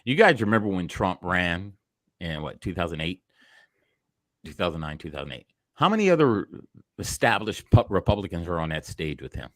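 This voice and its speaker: A man's voice: sits low, very animated, moderate pace, no echo, studio quality. A man co-hosting a reaction show, talking in a blunt, emphatic casual way.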